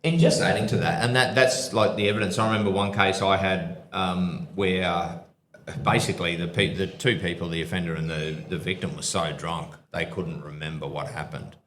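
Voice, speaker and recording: Deep-voiced ex-cop storyteller. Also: male voice, fairly even intonation, moderate pace, a bit bright, reverberant, slight background noise. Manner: rambling, restarts, drops into quoted voices. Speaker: podcast co-host, former police officer. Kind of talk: live show storytelling. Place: pub venue with live audience.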